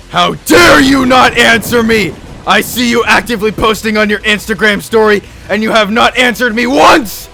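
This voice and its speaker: A man voicing an obsessive, lovesick young man who pleads melodramatically and flares into yelling. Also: mid-range voice, gravelly.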